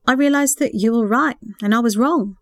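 A woman voicing a hopeful, earnest young woman in love, speaking softly and a little higher than her narration. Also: normal speed, no echo, clean studio sound, natural voice. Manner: earnest, emotional, sighing.

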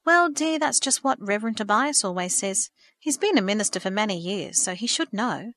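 A woman voicing a gentle, dreamy mother who speaks fondly, in a storybook reading. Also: medium pitch, expressive, moderate pace, no echo, clean studio sound.

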